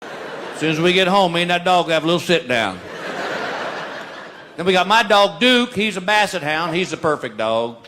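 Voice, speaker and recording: A man's voice: high-pitched, lively intonation, normal speed, long pauses. A man doing a stand-up routine on stage. He is folksy and exasperated and laughs at his own jokes. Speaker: stand-up comedian. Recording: live stage recording with audience. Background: audience and room noise.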